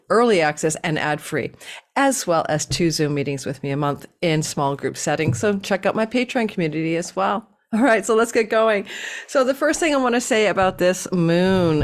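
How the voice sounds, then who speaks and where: A woman hosting her own astrology channel, talking straight to viewers in a lively way, running through lists and leaning hard on key words. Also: lowish voice. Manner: enthusiastic, tumbling lists with sudden stresses. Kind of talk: casual monologue to viewers.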